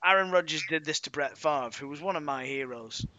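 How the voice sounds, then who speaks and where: Bright, stammering co-host. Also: male voice, a little high, brisk, no echo, dull audio. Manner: hesitant, stammering restarts. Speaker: podcast co-host. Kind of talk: casual sports podcast chat.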